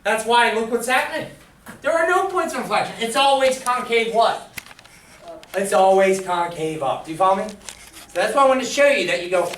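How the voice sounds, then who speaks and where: A man's voice: sits high, lively intonation, fairly quick, a bit bright, slight background noise. Male math teacher quizzing a class. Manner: quizzing the class with fill-in questions. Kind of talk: classroom lecture. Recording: echoey room, far from the mic.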